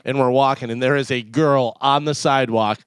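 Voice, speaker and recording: A man co-hosting a radio show, chatting and briskly reading out a news story on a studio mic. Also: medium pitch, fairly even intonation, clear, resonant tone, no echo. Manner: reads facts briskly with chuckles. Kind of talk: casual radio banter and reading a news item. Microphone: studio microphone.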